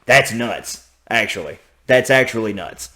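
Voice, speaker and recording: A man with a Southern American accent, hosting a reaction video and thinking out loud, often repeating himself. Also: medium pitch, unhurried, heavy background noise. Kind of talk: casual reaction commentary.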